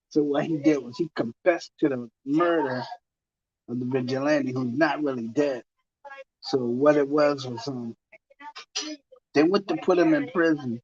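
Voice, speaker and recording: A man's voice: medium pitch, measured pace, long pauses, a little mellow, breathy edge. Rambling man telling a story. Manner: rambling, repeats himself, many fillers. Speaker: TV talk guest telling a story. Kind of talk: casual anecdote storytelling. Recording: muffled lo-fi sound.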